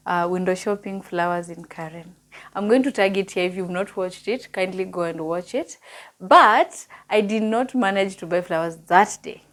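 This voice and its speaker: A woman speaking in a personal vlog, earnest and heartfelt, sometimes dropping to a hush and sometimes chatty and upbeat with her viewers. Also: mid-range voice, low-quality recording. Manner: heartfelt and earnest, with soft, hushed stretches. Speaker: vlogger and nutrition coach. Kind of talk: personal vlog talk to camera.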